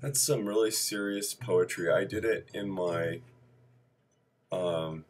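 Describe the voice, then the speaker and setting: Low-pitched and slow, a man reads terse civil procedure study notes as a list over poor audio. Wry asides and apologetic backtracking punctuate his reading.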